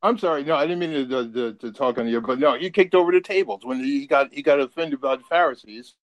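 A man's voice: mid-range voice, fast talker, low-quality recording. A man in the audience chiming in with stammering restarts. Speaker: audience member.

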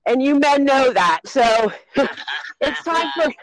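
A woman's voice: sits high, lively intonation, slow pace, a crowd in the background, rough recording. An older woman calling in while out walking, out of breath, emphatic and laughing between points. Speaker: caller.

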